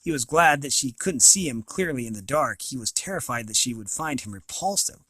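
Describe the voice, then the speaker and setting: A man's voice: mid-range voice, expressive, brisk, pushed and bright, a little hiss or hum. A man reading a novel aloud, with occasional slips and restarts. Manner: reads with small slips and restarts. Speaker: reader of an audiobook.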